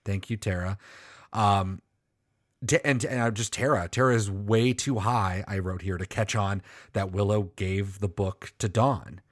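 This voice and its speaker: A man's voice: lowish voice, steady tone, measured pace, dry recording, clean studio sound. A man co-hosting a podcast in casual chat, rambling and joking, swearing freely. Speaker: podcast co-host.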